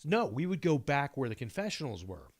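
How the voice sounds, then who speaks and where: A middle-aged man spins a rambling, profanity-laced story in casual podcast chat. His voice sits at an ordinary middle pitch, and he keeps piling on asides as he talks. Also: big pitch swings, a little fast. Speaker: podcast co-host.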